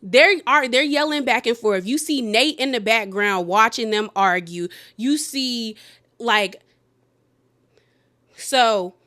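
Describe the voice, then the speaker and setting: A woman's voice: on the high side, takes it slowly. A woman casually recapping a reality show episode, talking in slang and acting out the cast's lines. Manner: animated, acts out quotes of cast members; slangy, many fillers like "like".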